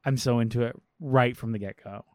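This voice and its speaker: Dude chatting about a movie, says like constantly, curses a lot, dry close sound. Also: male voice, mid-range voice, fairly even intonation, fairly quick, darkish tone, no room sound. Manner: chatty, fillers with "like", swears freely. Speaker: podcast co-host. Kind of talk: casual movie discussion.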